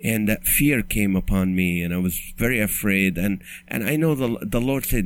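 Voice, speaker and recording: A man's voice: low-pitched, moderate pace. A middle-aged man from the Middle East, a comedian and podcast host, tells a personal story with jokes and many restarts. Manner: conversational, joke-laced, frequent restarts. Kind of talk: storytelling monologue.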